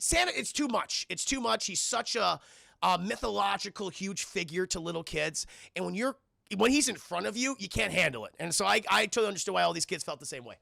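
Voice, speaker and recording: Guy streaming a movie review, high voice that swoops all over, bright and sharp, swears a lot. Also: creaky, dry recording, clean studio sound. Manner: animated, profane storytelling to chat. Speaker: streamer host. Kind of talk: casual film review chat.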